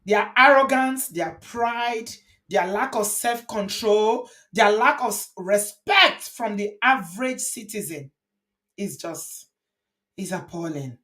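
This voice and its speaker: A woman's voice: mid-range voice, lively intonation, takes it slowly, a bit bright. A woman hosting a show, commenting indignantly on a video and repeating phrases for emphasis. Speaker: host reacting to a viral video. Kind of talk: casual commentary.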